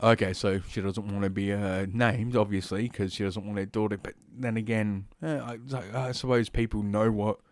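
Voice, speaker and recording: Reading the news aloud on his solo podcast, this Australian-accented host keeps breaking off into sarcastic, profane, rambling tangents. He talks at normal speed with few pauses, in a fairly low, steady voice. The studio-quality audio has no echo.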